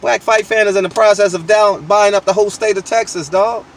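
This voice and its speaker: A man's voice: high-pitched, steady tone, brisk, far from the mic, slight background noise. A man hosting his channel, delivering a blunt, slangy, profane opinion rant with lots of emphatic restarts, recorded outdoors. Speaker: channel host.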